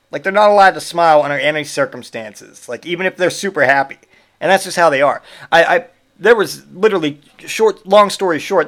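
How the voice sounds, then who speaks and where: A man's voice: fairly high pitch, a bit bright. A man hosting a podcast, delivering a profane, sarcastic comedic rant. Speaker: podcast host.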